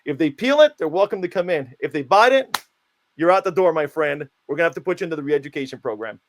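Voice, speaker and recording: A man giving playfully absurd, mock-stern interview answers in a deadpan comic style. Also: fairly high pitch, quick pace, a little hiss or hum. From United States. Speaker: guest, self-declared country founder.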